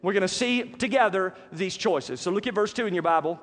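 A man's voice: sits high, brisk, a bit bright, big-room sound. A male pastor preaching a sermon in a conversational style, calling out to the congregation for responses.

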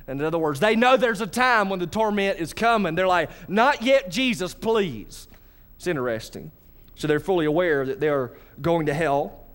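A man preaching a sermon. His voice sits fairly high and swings up and down as he talks straight to the congregation. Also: brisk, clean tone. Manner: animated preaching, addresses congregation directly. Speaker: pastor.

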